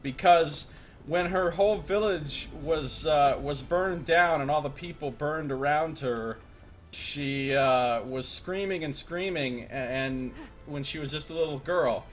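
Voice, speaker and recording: A man giving casual, jokey gameplay commentary on a livestream, rambling with loud outbursts. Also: a little high. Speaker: streamer.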